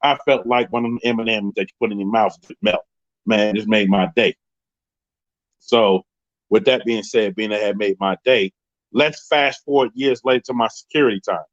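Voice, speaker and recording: A man from Queens, New York, tells a story casually on a live stream, animatedly acting out the voices of the other people in it. His voice is on the low side at a normal speed, and the dull audio has no room sound.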